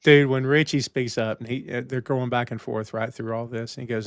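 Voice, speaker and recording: A man co-hosting a casual TV recap podcast, retelling scenes and acting out the lines in a lowered voice. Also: steady tone, a little fast, clear, resonant tone, no echo, clean studio sound. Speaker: podcast co-host.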